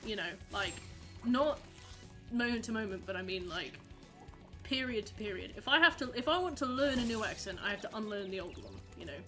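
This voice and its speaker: A woman's voice: mid-range voice, expressive, a little fast, a bit bright, faint music behind. A young woman chatting casually with her viewers while livestreaming a game, rambling and reacting to messages. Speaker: streamer. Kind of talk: casual live-stream chat while gaming.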